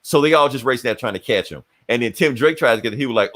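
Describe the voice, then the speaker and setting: A man's voice: medium pitch, fairly quick, a bit bright. A man hosting a podcast, casually retelling a comic book story and acting out the characters' lines. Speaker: podcast host.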